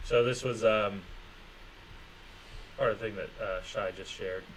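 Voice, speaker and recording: A man's voice: lowish voice, fairly even intonation, unhurried, slight background noise, low-quality recording. A man hosting a casual livestream chat, rambling and swearing, mocking people's excuses with sarcasm and reading viewer comments aloud. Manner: profane, sarcastic, mocking voices of others. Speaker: livestream host.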